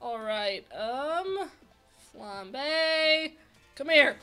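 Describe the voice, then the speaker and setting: A young woman giving casual, excitable game commentary and chatting to the characters on screen. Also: sits high, takes it slowly, pauses often, faint music behind. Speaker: let's play host.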